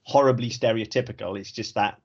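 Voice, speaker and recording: A man's voice: lowish voice, fairly even intonation, brisk, husky. A Welsh man co-hosting a podcast, talking frankly with a lot of swearing and easy laughter. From Wales. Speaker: podcast co-host. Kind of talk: casual podcast chat. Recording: slightly dull lo-fi audio.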